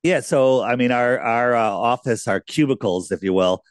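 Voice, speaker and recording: A man's voice: medium pitch, normal speed, clear, resonant tone, no echo, studio quality. A man being interviewed as a guest, telling casual, rambling anecdotes with lots of restarts.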